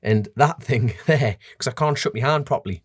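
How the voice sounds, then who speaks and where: A man with a North East English accent, a guest telling racing stories in a casual, animated way and laughing often. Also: medium pitch, moderate pace, husky, dry recording, clean studio sound. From North East England. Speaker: podcast guest, road racer. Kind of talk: casual chat.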